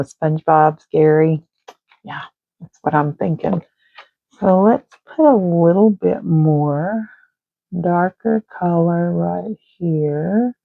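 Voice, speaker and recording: Woman, rambling casual chat, slow, gravelly, tinny phone-like sound, dry. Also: lowish voice, dry recording. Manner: rambling, chatty, drifting into murmurs. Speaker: art channel host. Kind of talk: casual chat while coloring.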